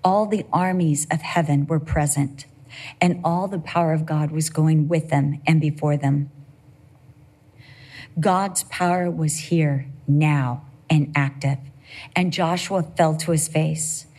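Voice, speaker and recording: Middle-aged woman preaching with lively stories. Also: low-pitched, slow pace, husky. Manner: animated personal storytelling with humor. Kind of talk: sermon.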